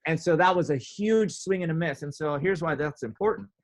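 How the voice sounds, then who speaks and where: A man telling a story in a casual interview, animated, filling his talk with "like" and acting out quotes. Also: on the high side, a little fast. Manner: animated, many "like" fillers, acts out quotes. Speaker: podcast guest, drummer.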